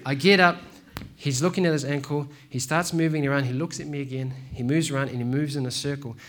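A man preaching a sermon in a relaxed, slangy way, telling stories and calling listeners "man" and "bro". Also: a little high, fast talker. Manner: laid-back, slangy, says "man" and "bro". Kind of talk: casual sermon with storytelling.

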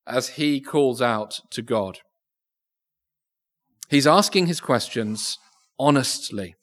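An earnest man from England preaches a sermon in a church, his voice fairly high and fairly bright. He often repeats words as he thinks aloud, and the church is echoey with long reverb.

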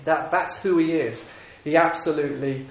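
Man, earnest preacher, slightly high voice, roomy echo. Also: fairly even intonation, moderate pace. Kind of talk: sermon.

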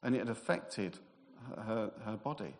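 A man's voice: fairly low pitch, expressive, normal speed, creaky. Preaching man in a reverberant hall. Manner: conversational storytelling, acts out quoted voices. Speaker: minister. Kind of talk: sermon with personal stories. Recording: long reverb of a large hall.

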